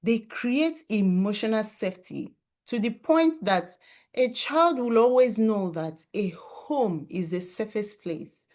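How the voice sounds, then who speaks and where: A woman's voice: mid-range voice, expressive, takes it slowly, darkish tone. A woman giving an emphatic motivational talk to parents, repeating key phrases for stress. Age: adult parent of children. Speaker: parenting speaker.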